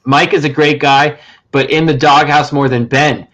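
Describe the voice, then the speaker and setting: A man's voice: a little high, steady tone, normal speed, a bit bright, highs cut off. A man hosting a loose, casual livestream. He rambles and jokes with plenty of swearing. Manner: rambling, profane, jokey. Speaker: podcast host.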